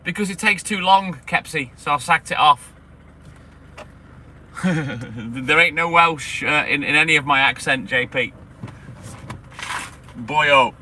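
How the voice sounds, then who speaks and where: High-voiced milkman chatting from his van. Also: measured pace, long pauses, sharp tone. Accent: light Scouse tinge. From English Midlands. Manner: chatty, answers viewers by name. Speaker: milkman livestreamer. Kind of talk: casual live-stream chat. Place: inside a delivery van on his round. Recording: vehicle and street noise. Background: engine and traffic noise.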